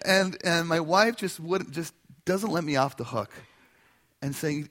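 Guy pastor giving a sermon, husky voice, pushes hard, tells it like a story and acts out all the voices. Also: on the high side, a little slow. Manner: animated storytelling, acting out quoted voices.

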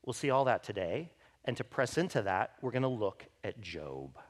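A man's voice: big pitch swings, moderate pace. A man preaching a sermon as pastor, emphatic, lifting his voice when he reads the scripture aloud and checking in with listeners. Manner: emphatic, rises in pitch and volume when voicing scripture; speaks directly to the congregation with frequent "right?".

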